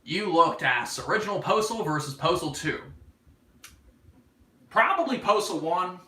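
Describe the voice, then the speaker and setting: A man's voice: high voice, lively intonation, measured pace, pushed and bright, reverberant, distant mic, rough recording. A man in his twenties with a North Carolina Southern accent, hosting a casual livestream chat, rambling, joking and swearing as he reads comments. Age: 20s. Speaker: livestream host.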